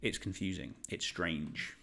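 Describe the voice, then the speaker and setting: A man's voice: deep voice, measured pace, gravelly, sharp tone, slight background noise. A man around thirty, hosting a live online quiz in a chatty, rambling, joking way. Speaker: quiz host.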